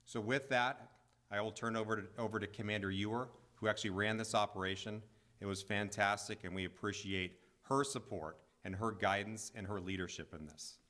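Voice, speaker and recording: Firm county attorney, emphatic. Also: male voice, on the low side, steady tone, fairly quick, sharp tone. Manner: firm, emphatic, with repeated points. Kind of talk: press conference statement.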